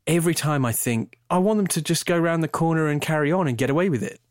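A British man talking about films in a casual chat, animated and rambling, often breaking off mid-sentence. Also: fairly high pitch, fast, no echo, studio quality. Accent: British English. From Britain. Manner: animated, rambling, self-interrupting. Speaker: film podcast co-host.

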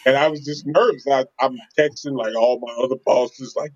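Animated man telling a story. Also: mid-range voice, moderate pace, few pauses. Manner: animated, laughs often, acts out quotes. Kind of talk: casual storytelling chat. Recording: slightly dull lo-fi sound.

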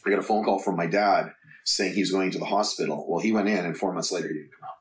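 A man's voice: low-pitched, steady tone, fast, far from the mic. A man telling his story as a podcast guest in a frank, casual way, swearing freely. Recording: roomy sound from off the mic.

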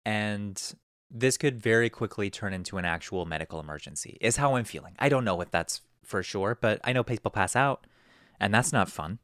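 Young male podcast host, low and animated, storyteller who slips into quoted voices, dry close sound. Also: brisk, no echo. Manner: rambling, animated, acts out quotes in a raised voice. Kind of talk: casual storytelling.

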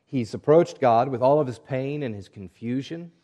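A male pastor delivering a sermon in a measured, earnest voice. His pitch sits in the middle range, and he reads scripture aloud and slips into hushed, quiet passages. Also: lo-fi sound.

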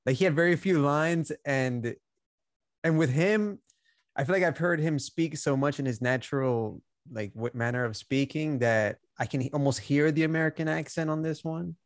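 A man's voice: on the high side, moderate pace, no room sound, studio quality. A man co-hosting a casual podcast, laid-back and slangy with frequent swearing. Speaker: podcast co-host. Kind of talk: casual movie discussion.

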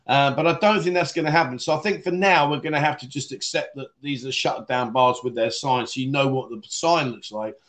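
A man's voice: medium pitch, a little fast, few pauses, a bit bright. A man hosting a casual livestream and reading out viewer comments, rambling, laughing often and calling viewers mate. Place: Pattaya, Thailand.

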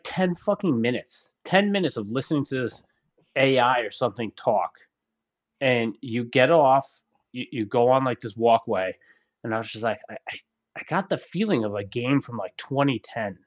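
Halting podcast guy, muffled sound. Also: mid-range voice, animated. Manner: halting, laughing, restarts. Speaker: podcast co-host. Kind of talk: casual gaming podcast chat.

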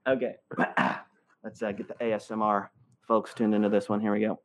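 A man's voice: lowish voice, flat delivery, brisk, a little hiss or hum. A male comedian guesting on a podcast, rambling and self-deprecating with lots of fillers. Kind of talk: casual podcast chat.

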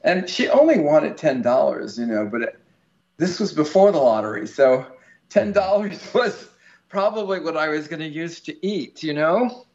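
A man's voice: fairly high pitch, animated, normal speed, darkish tone, muffled recording. A man guest in an interview, telling a long story in a rambling, chatty way with many fillers and restarts, laughing easily. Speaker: lottery winner guest.

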